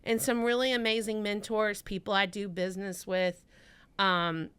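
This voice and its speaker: Woman guest from Mississippi, chatty storyteller, smooth bright tone, podcast chat. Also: medium pitch, flat delivery, normal speed. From Mississippi, USA. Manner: chatty storyteller who acts out her own quotes.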